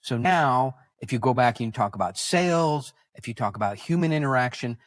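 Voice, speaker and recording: Animated rambling man on a podcast. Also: medium pitch, brisk, no room sound, clean studio sound. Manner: animated, rambling with restarts and quoted voices. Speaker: podcast guest. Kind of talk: casual conversational storytelling.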